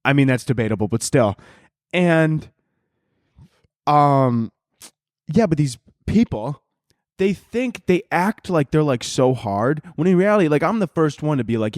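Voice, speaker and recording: A man's voice: on the high side, animated, a little slow, long pauses, a little mellow, dry recording, clean studio sound. A man of twenty hosting a podcast, rambling through a crude, comedic monologue with lots of swearing and frequent laughter. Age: 20s. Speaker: podcast host.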